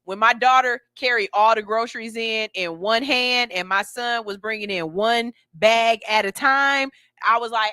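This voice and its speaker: A woman hosting a radio show, joking and telling stories in animated, slangy casual chat. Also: fairly high pitch, moderate pace, no room sound, studio quality.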